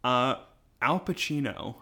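A man's voice: medium pitch, lively intonation, slow pace, pushed and bright, husky. A man co-hosting a podcast in casual chat, rambling with lots of fillers. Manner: rambling, filler-heavy, chuckles often. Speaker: podcast co-host.

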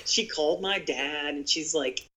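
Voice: mid-range voice, measured pace, bright, forceful tone, low-quality recording. A podcast guest earnestly telling a story in conversation, speaking directly to listeners and giving safety tips to real estate agents.

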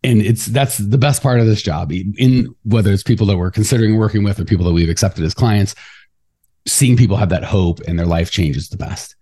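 A man co-hosting a podcast in casual chat, talking fast and getting fired up, acting out quoted voices along the way. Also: fairly low pitch, breathy edge. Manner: fast, animated, ranty. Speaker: podcast co-host.

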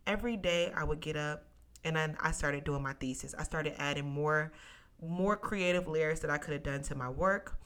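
A woman's voice: sits low, normal speed. A young woman hosting a solo podcast, telling a personal story with emotion, close to tears at times, and calling her listeners "y'all". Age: young adult. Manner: emotional, near tears, testimony-like; animated, addresses listeners as y'all. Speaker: podcast host.

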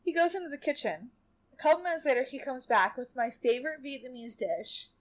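A pregnant, tired woman co-hosting a casual podcast, an animated storyteller who laughs often. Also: high-pitched, a little fast. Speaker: podcast co-host. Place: home bedroom.

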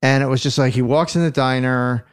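A man's voice: mid-range voice, steady tone, fairly quick, clear, resonant tone. A middle-aged man hosting a podcast in casual chat, rambling with restarts and playful teasing. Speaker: podcast host.

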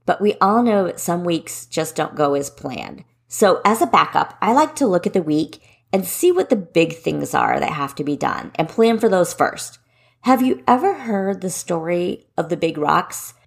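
A woman's voice: fairly low pitch, big pitch swings, moderate pace, creaky, slightly rough. A woman in her forties hosting a solo podcast, giving running tips in a direct, encouraging way. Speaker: podcast host and running coach.

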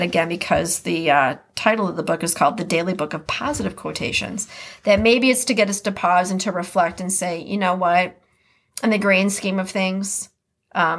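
A woman's voice: lowish voice, moderate pace, vocal fry, fairly bright tone. A woman with a Midwestern American accent hosting a podcast, chatting casually and reading quotes aloud before commenting on them. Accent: Upper Midwest American. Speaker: podcast host.

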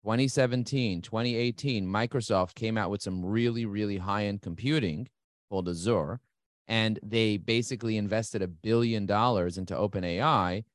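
Fast, energetic middle-aged man, low voice. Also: no room sound, clean studio sound. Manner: fast, enthusiastic, repetitive emphasis. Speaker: guest, marketing agency CEO. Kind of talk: energetic interview talk.

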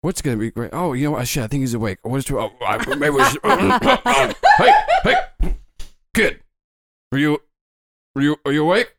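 A man voicing a grumbling male henchman guarding a captive, speaking low and unsure, on a dry close mic. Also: huge pitch swings, normal speed, a bit bright, exaggerated voice. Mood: nervous, grumbling.

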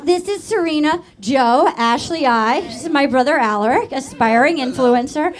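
High-voiced joking woman talk host. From Rhode Island. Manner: joking, rapid, laughing often. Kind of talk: late-night talk show chat. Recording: studio audience crowd noise. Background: studio audience.

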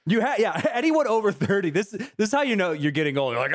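Man, podcast co-host, animated and profane, dry close mic. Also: high-pitched, quick pace, few pauses, no echo. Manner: animated, swearing, laughing often. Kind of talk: casual chat.

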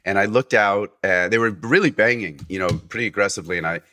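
A man's voice: on the low side, fast talker, sharp tone. A man guest telling a long anecdote in casual conversation, full of restarts and acted-out quotes. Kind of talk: casual storytelling.

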